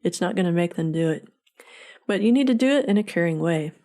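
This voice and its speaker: A woman with a lowish voice delivers a scripted informational segment as the show's producer. She speaks in a measured, earnest manner. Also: lively intonation, mellow. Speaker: podcast producer.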